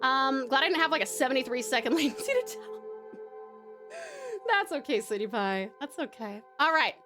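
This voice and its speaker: A bubbly woman with an Australian accent chats warmly with her viewers, laughing often. Her voice sits high and leaps around with lively swings. Music plays softly behind her. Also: normal speed. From Tasmania, Australia. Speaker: streamer and story narrator. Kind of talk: live-stream chat and story reading. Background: background music.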